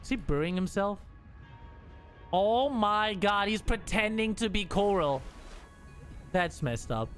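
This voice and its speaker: Male streamer, high voice, loose casual commentary with bursts of excitement and cursing. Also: takes it slowly, pauses often, soft background music. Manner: excitable, swearing, laughing chatter.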